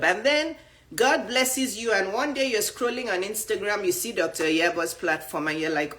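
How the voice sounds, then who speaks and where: A woman in her fifties with a Nigerian accent, giving a casual motivational talk to viewers, animated and full of rhetorical questions. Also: medium pitch, moderate pace. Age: 50s. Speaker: dating and image coach. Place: live stream.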